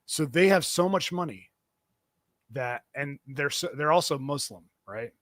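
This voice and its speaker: A man's voice: on the high side, lively intonation, a little slow, a bit bright, no room sound. A man hosting a comedy podcast, rambling through casual banter with plenty of fillers and restarts. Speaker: podcast host.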